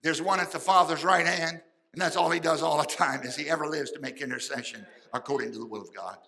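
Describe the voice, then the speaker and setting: A man preaching a sermon, folksy and fervent, swinging between loud outbursts and quiet asides. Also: a little high, fast talker, gravelly, low-quality recording. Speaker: pastor.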